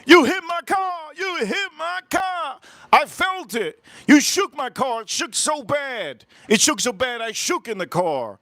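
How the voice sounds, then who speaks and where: A screeching, furious young woman driver hurls the same accusation again and again, as a man puts her on. The voice jumps far above his own and sounds shrill and a little distant. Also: sing-song, moderate pace, few pauses, no echo. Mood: shrill accusing.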